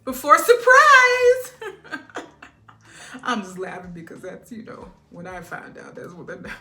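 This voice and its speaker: A woman giving a casual spiritual reading who laughs often, acts out quotes loudly and keeps asking "all right?". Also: fairly low pitch, steady tone, a little fast, echoey room, soft background music. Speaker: tarot reader.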